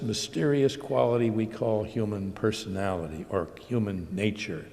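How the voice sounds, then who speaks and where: An older American man giving a public lecture at a measured pace, building emphasis through repeated phrases. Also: lowish voice, a little mellow. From United States. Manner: measured, slow emphatic delivery with repetitions. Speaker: guest lecturer. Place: large auditorium. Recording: long hall reverb.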